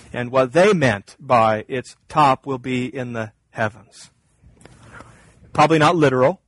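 A man preaching a sermon, reading scripture and explaining it earnestly, his voice climbing and growing louder when he presses a point. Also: poor audio. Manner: earnest preaching, rises in pitch and volume when stressing a point. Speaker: pastor.

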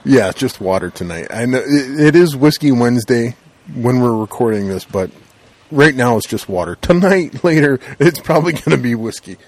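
A man's voice: mid-range voice, lively intonation, moderate pace, darkish tone. A Canadian man co-hosting a podcast, joking and teasing his co-host. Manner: teasing, jokey. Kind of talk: casual podcast banter.

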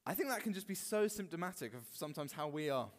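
A man preaching a sermon in a church, animated and expressive. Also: on the high side, fast, long reverb tail. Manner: animated, acts out quoted voices. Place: church hall.

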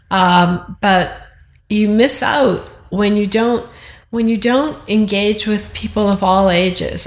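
A woman's voice: medium pitch, fairly bright tone, echoey room. An older woman in casual conversation, a chatty storyteller who acts out quoted voices. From United States east coast. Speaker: guest, host's mother.

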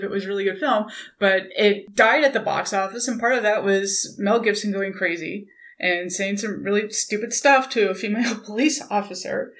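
A young adult woman co-hosting a casual book podcast, thoughtful, steering the talk with questions. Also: mid-range voice. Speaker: podcast co-host.

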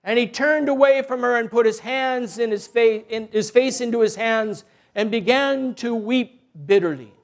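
A man telling a religious story in a slow, deliberate, gentle way. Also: extremely high pitch.

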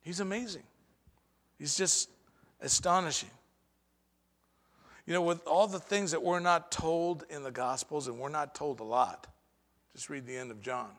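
Guy preaching in a big church, kinda high bright voice, goes soft then loud, echo trailing off. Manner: preaching with dramatic pauses and shifts in loudness. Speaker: pastor. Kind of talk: sermon.

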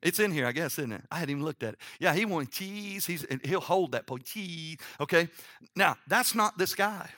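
A middle-aged man preaching a sermon as pastor, telling family stories and reading scripture aloud, sometimes dropping to a hushed low voice. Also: brisk. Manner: animated storytelling with sudden drops to a hushed, low voice; reads scripture aloud, acting out the characters' lines.

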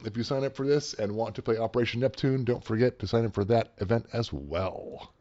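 A man's voice: medium pitch, brisk, mellow. A man co-hosting a podcast, casually reading out event listings with dry, joking asides. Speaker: podcast co-host. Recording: dull lo-fi sound.

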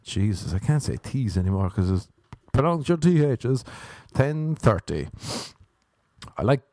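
A man's voice: medium pitch, sing-song, moderate pace, mellow, no room sound. Young Irish man, solo podcast host, meandering self-mocking chatter, bouncy intonation, dry close sound. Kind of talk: rambling solo podcast monologue.

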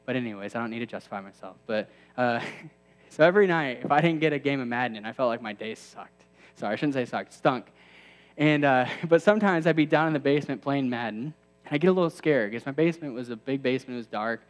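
A man's voice: medium pitch, fast talker, long reverb tail, soft background music. A man in his thirties preaching a sermon to a campus ministry, conversational with self-deprecating asides that build to emphatic peaks.

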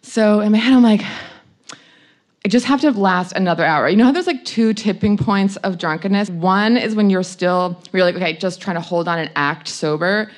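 A woman's voice: mid-range voice, normal speed. A young adult woman frankly telling a personal anecdote in a chatty way, laughing often and saying "like" a lot. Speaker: storyteller.

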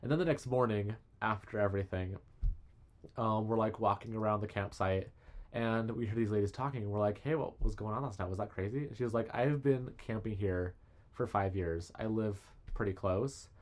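A young man chatting casually as a podcast guest, an animated storyteller who acts out quotes. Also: on the low side, moderate pace. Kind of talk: casual chat.

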